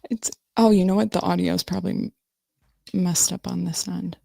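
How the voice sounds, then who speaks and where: A woman's voice: lowish voice, fairly even intonation, brisk, creaky, warm tone, no room sound. A woman hosting a casual livestream, chatting loosely with viewers while she fiddles with her audio settings. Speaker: livestream host.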